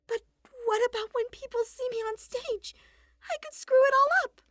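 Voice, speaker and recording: A woman's voice: normal speed, bright, forceful tone, no echo, studio quality, exaggerated voice. A woman voicing an anxious young woman who stammers and panics, in a storybook reading. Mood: panicky. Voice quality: stammering, shrill.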